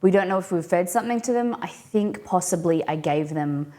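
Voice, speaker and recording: A woman's voice: on the low side, expressive, a little fast, mellow. A woman hosting a casual cooking live stream, chatting in a rambling way with many fillers and bouncy greetings. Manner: bouncy, sing-song greetings.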